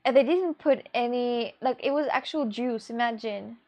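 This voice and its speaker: A woman's voice: a little high, moderate pace, few pauses, mellow. A young woman streamer from Russia, chatting casually with viewers in a rambling way, with gasps and restarts. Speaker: live streamer.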